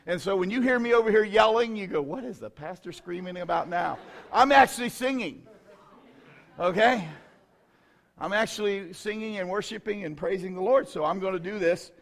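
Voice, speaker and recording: Man, pastor, high voice, humorous sermon, self-mocking, shifts between soft asides and shouting. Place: church.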